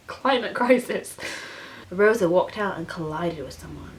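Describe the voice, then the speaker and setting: A woman's voice: fairly low pitch, lively intonation, unhurried, a little hiss or hum. A young woman reading her own childhood story aloud, breaking off with laughing, self-mocking asides. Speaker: channel host reading her childhood writing.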